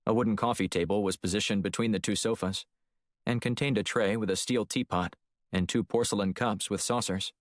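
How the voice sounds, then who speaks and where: A man narrating a thriller audiobook with steady, even storytelling. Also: on the low side, brisk, no echo, studio quality. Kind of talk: scripted narration.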